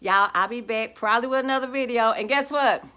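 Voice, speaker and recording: Bright, sassy woman vlogging. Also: a little high, brisk. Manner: sassy, gloating, talks straight to viewers. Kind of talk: casual ranting vlog. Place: at home, indoors.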